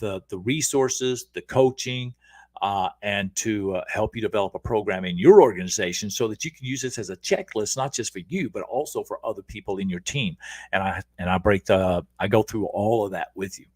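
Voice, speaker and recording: A man's voice: on the low side, no echo. A middle-aged man hosting a casual livestream, energetically coaching viewers on leadership and often checking in with "okay?". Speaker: leadership coach and show host.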